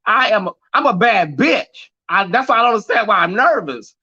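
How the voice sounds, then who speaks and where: A man with a high, bright voice hosts a live stream show and preaches to his viewers with sass, calling them girl and honey. He sounds a little nervous. The audio is muffled and lo-fi. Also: animated, moderate pace, slightly rough. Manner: sassy, sermon-like, calls viewers y'all, girl and honey. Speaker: host of a live pop culture show.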